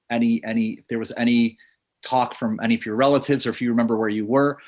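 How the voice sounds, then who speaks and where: A man moderating a panel on a video call, asking questions in a halting, hesitant way. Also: mid-range voice.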